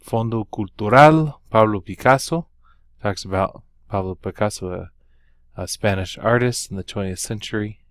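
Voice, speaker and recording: A man's voice: fairly low pitch, moderate pace, no room sound, clean studio sound. A man teaching a Spanish lesson, walking through the material unhurriedly with many ums and uhs and carefully sounded-out example words. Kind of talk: recorded lesson walkthrough.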